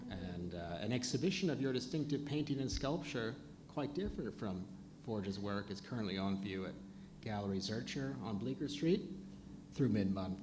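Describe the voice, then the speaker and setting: A panel moderator who introduces the speakers and asks them questions in a brisk, encouraging way. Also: medium pitch, lively intonation. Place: lecture hall. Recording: roomy hall sound with clear background noise.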